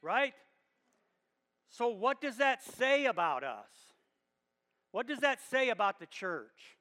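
A man's voice: very high-pitched, sing-song, takes it slowly, bright, forceful tone. A man preaching a sermon to his church, talking directly to the congregation and pressing his points with emphatic bursts. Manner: emphatic, rising to bursts of volume. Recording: long reverb of a hall.

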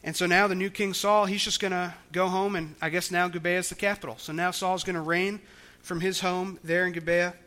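A man's voice: high-pitched, level tone, brisk, pushed and bright. A man preaching a sermon, explaining scripture in a conversational way with frequent restarts. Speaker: pastor.

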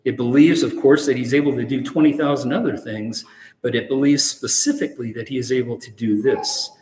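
A man's voice: mid-range voice, fairly even intonation, a little fast, darkish tone. A man preaching a sermon earnestly and with emphasis, reading passages aloud. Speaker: pastor. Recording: echoey hall with long reverb.

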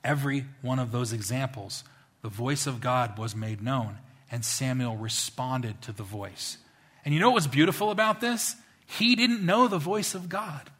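A man preaching a sermon as a pastor, telling stories in an animated, conversational way. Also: mid-range voice, moderate pace, breathy edge.

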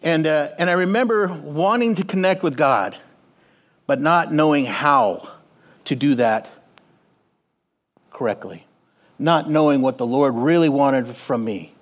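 A man preaching a sermon in a church, animated, swinging between quiet and loud and calling on the congregation. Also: fairly high pitch, a little slow, long pauses. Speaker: pastor. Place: church sanctuary.

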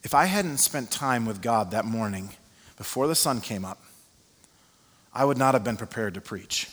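Male pastor, mid-pitched, chatty sermon storyteller with fillers; long hall reverb. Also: normal speed. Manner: animated storyteller with frequent fillers.

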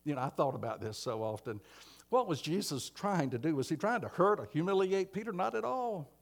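Male preacher, slightly high voice, dramatic loud-to-soft delivery, church sermon. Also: animated, fairly quick, gravelly. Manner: dramatic swings from emphatic to hushed.

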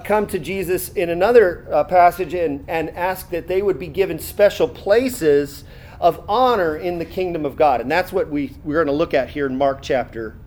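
Guy with a high voice preaching, lots of uh's and restarts, reads verses then talks about them. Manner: conversational preaching with many fillers and restarts; reads scripture aloud, pausing to comment. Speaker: pastor. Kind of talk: sermon.

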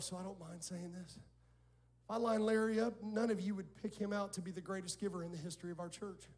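A man preaching a sermon as pastor, telling stories, quoting people and calling on the congregation to respond. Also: sits high. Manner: animated storytelling, quoting others and calling on the congregation. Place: church sanctuary before a congregation.

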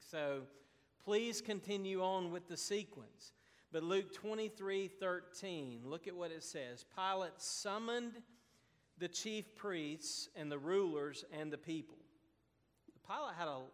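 A man preaching a sermon as pastor, slow and deliberate with emphatic pauses. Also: high voice, a bit bright, long reverb tail.

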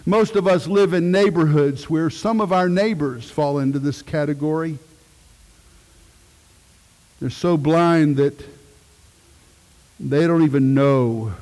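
A middle-aged man, a pastor, preaching a sermon with emphatic swells and hushed moments. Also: a little high, a little slow, pauses often, in a large hall.

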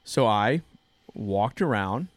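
Taking it slowly in an animated, somewhat low voice, a man in his thirties hosts a church podcast and shares a story. He's casual and earnest, restarting frequently, and there's no echo.

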